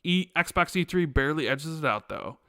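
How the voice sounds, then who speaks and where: A man's voice: a little high, expressive, moderate pace, fairly bright tone, no echo, studio quality. An American man co-hosting a gaming podcast, chatting casually, laughing often and reading viewer comments aloud. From United States. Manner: incredulous, laughs a lot, reads chat aloud. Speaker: podcast co-host.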